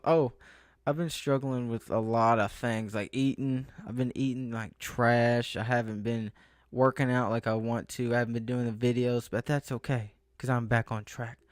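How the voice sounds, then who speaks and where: A young man rambling casually to camera, dropping thoughts halfway and circling back. His voice sits mid-pitch, and the recording is dry with no room sound. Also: no echo. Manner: rambling, loses his train of thought, self-interrupting. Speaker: vlogger. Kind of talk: casual rambling vlog monologue.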